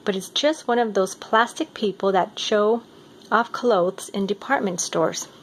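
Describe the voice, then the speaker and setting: Woman reading a kids book out loud, steady expressive storytelling, medium pitch. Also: unhurried, slight background noise. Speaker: reader. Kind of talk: reading a picture book aloud.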